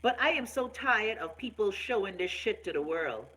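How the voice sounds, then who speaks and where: A woman's voice: mid-range voice, expressive, moderate pace, fairly bright tone, slightly rough, low-quality recording. A woman from the Bahamas with a Bahamian accent, hosting a live online talk show in an outspoken, profane, casual style while reacting to viewer comments. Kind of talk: casual live-stream rant.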